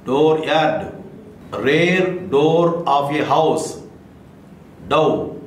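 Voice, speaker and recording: Man, vocabulary drill, spells letter by letter, very slow, echoey room. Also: a little high, a little hiss or hum. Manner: spells each word letter by letter, then gives a meaning. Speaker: vocabulary teacher. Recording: echoey room with faint ambience.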